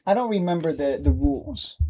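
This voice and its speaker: A man chatting casually on a live stream about stock charts, rambling and quick to laugh or get annoyed. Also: on the high side, animated, warm tone.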